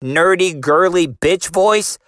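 A man's voice: high voice, slow pace, a bit bright, no room sound. A man hosting a casual solo podcast, rambling and joking with a profane edge and what he calls a nerdy voice. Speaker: podcast host.

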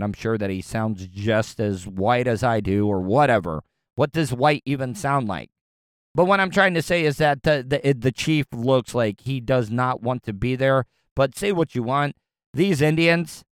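A man's voice: medium pitch, clear, resonant tone, no echo, studio quality. A young man ranting casually with lots of profanity, often stumbling and repeating words as he reacts to news clips. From Florida, US.

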